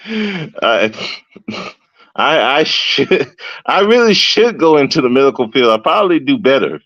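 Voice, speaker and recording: A man's voice: mid-range voice, big pitch swings, a little slow, long pauses, fairly bright tone, no room sound. A man hosting a podcast, telling stories from his job as a correctional officer in a casual, profane, slangy ranting style, with lots of fillers and restarts. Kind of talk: casual storytelling rant. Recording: dull lo-fi dry sound.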